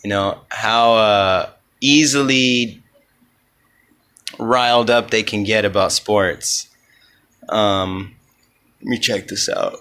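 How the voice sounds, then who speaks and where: A man talks through a solo comedy podcast in a loose, rambling way, with profanity scattered through his speech. His delivery is slow and unhurried, and his voice has a bright, forward tone. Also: lowish voice, steady tone, clear, resonant tone.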